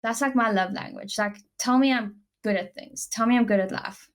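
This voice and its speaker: A woman's voice: mid-range voice, normal speed. A young woman with a South African accent, co-hosting a podcast in casual, gushing chat full of "like" fillers. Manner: chatty, gushing, many "like" fillers. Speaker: podcast co-host.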